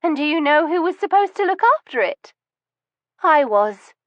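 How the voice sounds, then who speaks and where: A woman's voice: lively intonation, normal speed, dry recording, dull audio. A woman voicing a cold, bitter middle-aged wife who holds a gun, speaking icily with wounded resentment. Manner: icy and commanding, turning wounded and shrill. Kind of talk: audiobook reading.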